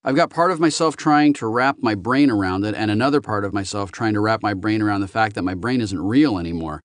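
A wry, sharp-tongued eighteen-year-old, voiced by a male narrator, pitched a bit higher and brighter than the narration. He fires off dry, pointed questions with a brisk edge. The sound is close and dry. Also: no room sound, natural voice. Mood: musing. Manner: sardonic, brisk, inquisitive. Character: wry, quick-witted young man of eighteen.

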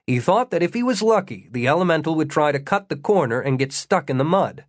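A man reading an audiobook, telling an adventure story in a measured way with dry humor. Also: on the high side, animated, no room sound. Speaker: narrator. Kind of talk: audiobook narration.

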